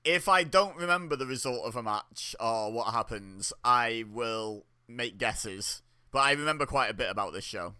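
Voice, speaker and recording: A man's voice: medium pitch, expressive, moderate pace, hardly any pauses, sharp tone, clean tone. A young man giving casual, chatty commentary while watching a wrestling show, reacting aloud with laughs and exclamations. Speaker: wrestling watch-along host.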